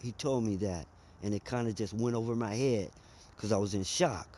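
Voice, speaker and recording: A man's voice: on the low side, normal speed, mellow. A man, telling a personal story in a conversational, emphatic way. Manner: conversational, emphatic, drawls and speeds up.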